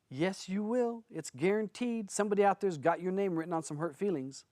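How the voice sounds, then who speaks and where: A male spiritual teacher speaks bluntly and casually to a seminar audience, with a voice a touch higher than most men's. He talks like he is telling stories. The sound is close and dry, with no room echo. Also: expressive, a little fast, darkish tone. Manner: blunt, conversational, storytelling.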